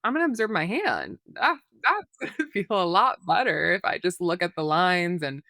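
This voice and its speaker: A woman's voice: lowish voice, big pitch swings, normal speed, pushed and bright, no echo. Chatty woman therapist, dry sound. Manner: rambling, uses many fillers and examples. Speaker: guest therapist. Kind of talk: casual podcast explanation.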